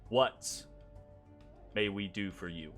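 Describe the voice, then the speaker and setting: A man voicing an old frog-folk elder who speaks slowly and gravely in a low voice. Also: a bit bright, soft background music. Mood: solemn. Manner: slow, low, solemn speech.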